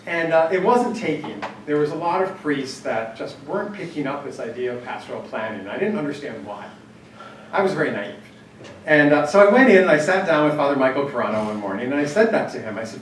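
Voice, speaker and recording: A man with a fairly high voice speaks to a gathered group in a relaxed, anecdotal way, often pausing on fillers and restarting his sentences. He sounds set back from the mic, and the hall's echo hangs around his words. A faint room ambience runs underneath. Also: slight background noise. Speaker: workshop speaker on church planning. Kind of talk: storytelling talk to a live group. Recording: echoey hall, distant mic, faint ambience.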